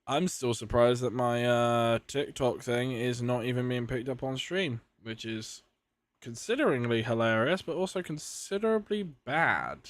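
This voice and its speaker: A man's voice: mid-range voice, expressive, measured pace, dry recording. A British man streaming a video game live, chatting casually with viewers, joking and swearing often as he laughs at himself.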